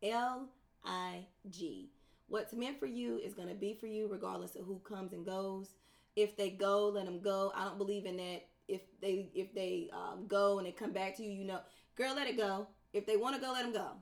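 A woman's voice: medium pitch, fairly even intonation, moderate pace, gravelly. Sassy playful woman podcast co-host. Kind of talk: casual podcast chat.

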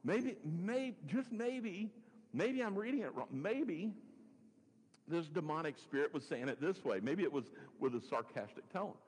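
A man's voice: a little high, animated, unhurried, darkish tone, slightly rough. A male pastor preaches a sermon and reads scripture in a conversational way, musing aloud with chuckling asides. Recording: long hall reverb.

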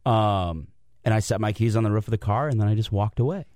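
A man on a radio sports show, telling a lively, self-mocking story about his day in casual chat. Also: lowish voice, fast, dry recording. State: out of breath from cold. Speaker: guest commentator.

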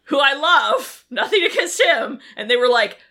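Female co-host, casual recap chat, crisp bright tone, very expressive pitch, loose and giggly. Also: moderate pace. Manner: laughs often, swears casually, animated retelling. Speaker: podcast co-host.

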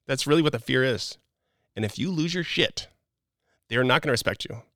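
A man's voice: medium pitch, fairly quick, pushed and bright, dry recording, clean studio sound. A man hosting a casual talk, coaching a guest with blunt advice, swearing freely and acting out little quotes.

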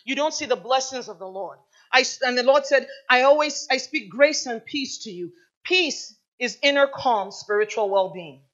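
Female pastor, middle-aged, high voice, impassioned sermon, dull lo-fi church recording. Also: expressive, normal speed, fairly bright tone. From United States. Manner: impassioned preaching, rhetorical questions to the congregation.

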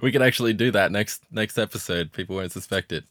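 Podcast co-host, young adult male, low-pitched, deadpan, stumbling delivery, dry mic. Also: fast talker, no room sound. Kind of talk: casual chat.

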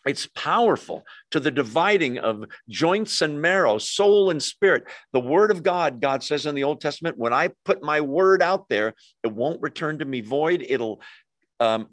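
A man preaching a sermon to his congregation, telling the story in a chatty, animated way with quick asides to listeners. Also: on the high side, dry recording, studio quality. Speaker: pastor.

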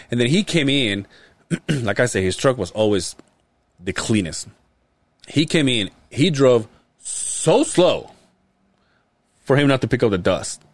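A man's voice: fairly low pitch, no room sound. A man hosting a podcast, telling crude stories in casual chat, often breaking into laughter. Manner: profane, laughing, does voices of people in stories. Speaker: podcast host.

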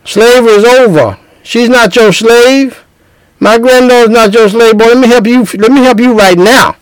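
A man voicing a bossy old grandmother who rules her house, scolding loudly and firmly. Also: very high-pitched, normal speed, clean tone, no room sound, pitched above the performer's own voice, poor audio. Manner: loud, scolding, no-nonsense.

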